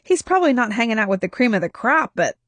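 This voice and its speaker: A woman voicing a weary, gentle husband. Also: on the high side, sing-song, fast talker, no room sound, voice pushed up. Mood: worried. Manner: quiet, sighing, soothing.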